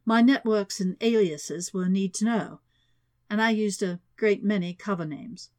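A woman reading an audiobook, voicing a cool, composed female undercover spy with a British accent and a measured way of talking. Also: mid-range voice, darkish tone, natural voice.

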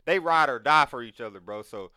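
Bright, clear-voiced man in casual chat. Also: medium pitch, a little fast, no room sound, clean studio sound. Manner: animated, profane, acts out quotes.

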